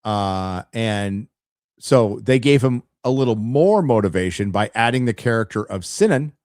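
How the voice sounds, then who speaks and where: His fairly low, slightly mellow voice stays animated yet unhurried as he gives his chat casual, opinionated commentary. He stammers and restarts often, and the clean studio recording has no echo.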